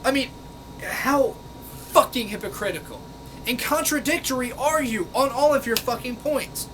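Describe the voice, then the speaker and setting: A man's voice: very high voice, lively intonation, moderate pace, background noise. A man ranting angrily at a commenter, sarcastic and exasperated, swearing often. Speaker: vlogger. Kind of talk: angry rant reading out comments.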